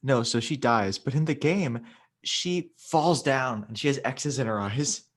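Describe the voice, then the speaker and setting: A man's voice: medium pitch, measured pace. Young man, casual co-host, rambling, lots of stammered restarts. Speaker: podcast co-host. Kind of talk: casual chat.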